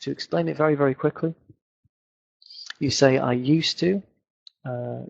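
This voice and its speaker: In a muffled recording, a Northern English man from England speaks unhurriedly in a mid-range voice with vocal fry. He's an English teacher fielding viewer questions in a webinar lesson, using lots of fillers as he explains.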